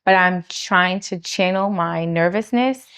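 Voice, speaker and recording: Fast-talking New woman coach. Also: lowish voice, clear, resonant tone. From New York. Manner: lively, laughs often, acts out quoted lines; fast speech that she says jumbles words. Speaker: speech coach. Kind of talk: casual interview chat.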